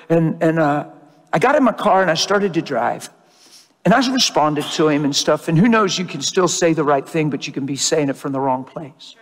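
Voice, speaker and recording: Male preacher, high voice, earnest and fervent, stumbling restarts, reverberant hall recording. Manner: earnest, stammering restarts, rising to fervent emphasis. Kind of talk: sermon.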